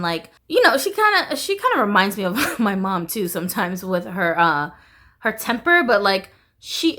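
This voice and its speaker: A woman's voice: medium pitch, pushed and bright. A woman vlogger in casual chat, candid and rambling, peppering her talk with "like" and swearing freely.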